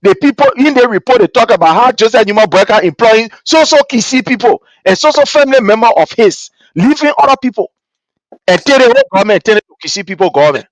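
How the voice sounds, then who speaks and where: A man with a Liberian English accent delivers impassioned political commentary in a very high voice. He talks in an animated, repetitive way, often mimicking the people he quotes. The recording is dry and close. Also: fast, dry recording. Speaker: host of a political commentary show.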